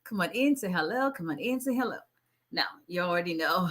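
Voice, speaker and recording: A woman's voice: on the low side, lively intonation, a little fast, a bit bright. A woman, an immigration attorney casually chatting and joking with viewers on a live stream, laughing often and teasing.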